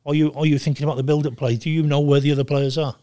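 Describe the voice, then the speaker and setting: Older man, blunt and profane, animated storyteller, dry close sound. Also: a little high, racing, dry recording. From Wales. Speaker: guest, former goalkeeper. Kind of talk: casual interview chat.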